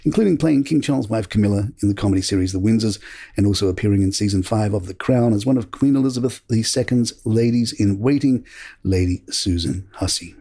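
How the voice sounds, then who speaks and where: A man hosting a podcast, reading royal news headlines from a script in a measured, steady way. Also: lowish voice, husky. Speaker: podcast host.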